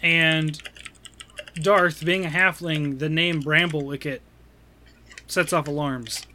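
Bright-voiced man running a tabletop game. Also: a little high, takes it slowly, a little hiss or hum. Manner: relaxed, many fillers. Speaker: game master.

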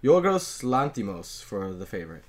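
Podcast co-host, casual chat, wry, relaxed, filler-heavy, mid pitch. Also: moderate pace.

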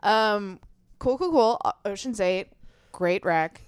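A young woman hosting a comedy podcast, chatting casually, animated, swearing freely and laughing often. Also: medium pitch, slow, clear, resonant tone, dry recording, clean studio sound. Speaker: podcast host. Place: home recording studio.

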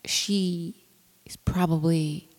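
A woman's voice: on the low side, steady tone, very slow, darkish tone, big-room sound. A woman rambling casually about her home brewing, with lots of fillers and restarts. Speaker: home brewer. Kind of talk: casual vlog chat.

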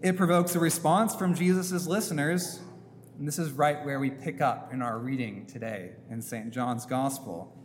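A man preaching a sermon as a priest in a church, slow and emphatic, posing rhetorical questions. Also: on the high side. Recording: long church reverb, faint hum.

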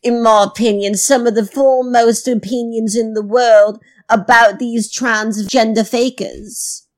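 A woman's voice: on the high side, steady tone, measured pace. A woman co-hosting a satirical comedy podcast, talking in a put-on British accent and tagging on little questions.

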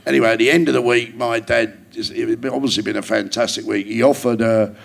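A man's voice: medium pitch, fairly even intonation, quick pace, vocal fry. An older man, a guest comedian telling rambling, wry anecdotes in casual chat.

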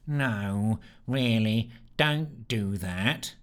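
A man's voice: sits low, pitched below the performer's own voice, full character voice. A man doing a dull rat-like muttering man. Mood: dull, sneering. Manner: slow, sneering, flat muttering. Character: dull monotonous rat-like man, ignored by all.

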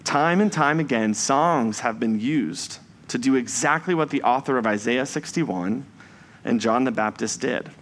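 A man preaching a Sunday sermon in a measured, reflective way, slowing down for emphasis on key phrases. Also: mid-range voice, a little hiss or hum.

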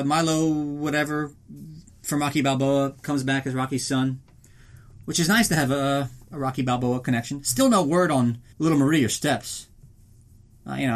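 A man at a middle pitch talks through a film recap like he's chatting with a friend, swearing freely and dripping with sarcasm. He keeps the tone loose and mocking, slipping into goofy voices for the characters he describes. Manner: profane, sarcastic, jumps into silly voices. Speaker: podcast host.

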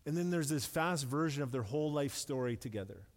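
A middle-aged male pastor preaches in a loose, conversational way, dropping self-deprecating jokes and doubling up words for emphasis. His voice sits at an ordinary middle pitch for a man. The sound carries a long reverb tail from a large sanctuary. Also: lively intonation, brisk. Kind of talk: sermon.

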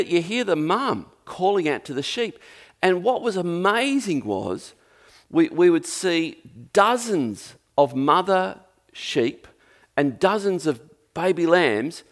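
An Australian man preaching a sermon in a conversational, jokey storytelling manner. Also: fairly high pitch.

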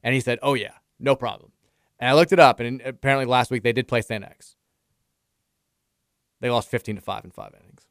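A man's voice: mid-range voice, brisk, long pauses, no echo, clean studio sound. A man in his thirties hosting a sports radio show, chatting casually and telling self-deprecating stories about his family. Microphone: studio microphone.

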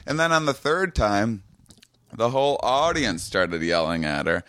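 Wry, halting man guest comedian. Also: medium pitch, lively intonation, fairly bright tone, clean tone. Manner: wry, halting, lots of restarts. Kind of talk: casual conversation. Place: small home studio room.

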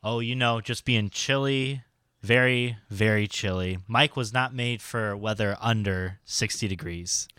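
A man's voice: fairly low pitch, measured pace, bright, forceful tone, clean tone, no room sound, studio quality. A young man co-hosting a podcast, wry and self-mocking, swearing casually. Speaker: podcast co-host.

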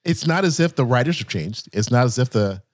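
A man's voice: medium pitch, lively intonation, a little fast, no room sound, studio quality. A man co-hosting a podcast, rambling and self-deprecating, hesitating often as he searches for words. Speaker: podcast co-host. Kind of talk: casual podcast banter.

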